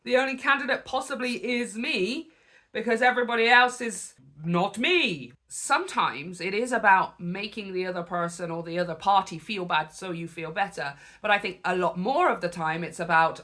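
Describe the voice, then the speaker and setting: A woman hosting reaction commentary as a spiritual coach, talking in an animated, conversational way with preachy asides. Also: medium pitch, moderate pace.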